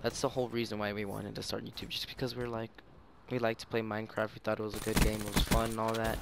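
A man's voice: fairly low pitch, completely flat delivery, fast talker, creaky, hardly any pauses. A young man giving casual, rambling gameplay commentary as a gaming YouTuber, self-mocking and full of fillers. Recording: game audio noise behind voice. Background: gunfire from the game.

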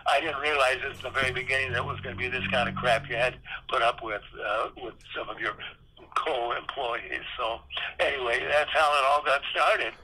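This man in his eighties, once a theme park designer, guests on an interview podcast and candidly recounts salty stories, acting out old dialogues. He talks fairly quickly in a steady, sharp, mid-range voice, with slight background noise and poor audio.

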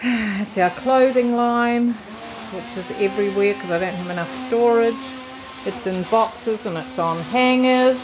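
Relaxed woman, speaks slowly while showing her house on a home camcorder with clear background noise. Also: a little high. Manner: chatty, relaxed, laughs softly between remarks. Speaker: home video narrator. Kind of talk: casual home tour narration. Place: inside a family house. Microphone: handheld camcorder mic. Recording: noisy home camcorder audio.

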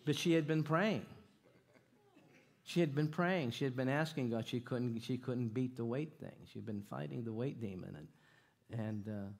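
A man preaching a church sermon, animated and jokey, often repeating his phrases and questioning the congregation. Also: medium pitch, normal speed, vocal fry. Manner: animated, jokey, repeats himself, audience call-outs. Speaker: guest preacher. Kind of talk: sermon with stories and jokes. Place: church sanctuary.

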